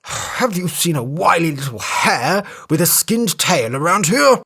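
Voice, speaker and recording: A big, strong storybook elephant, gruff and blustering, with a swinging, lively delivery. He sounds nothing like the narrator's plain tone, as a storyteller puts him on. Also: mid-range voice, measured pace, exaggerated voice. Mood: wheedling, puffing.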